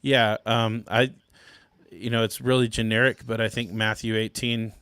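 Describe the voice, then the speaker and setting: A man who is a pastor, guesting on a podcast and explaining his view step by step in a measured way. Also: fairly low pitch, little pitch movement, a bit bright, clean tone, dry recording. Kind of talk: casual theology discussion.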